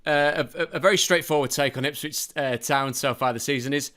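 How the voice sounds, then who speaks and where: A man's voice: fairly high pitch, fairly quick, sharp tone, clear, resonant tone. A man hosting a football podcast, introducing guests with playful, wordy asides. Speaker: podcast host. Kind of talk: podcast presenting.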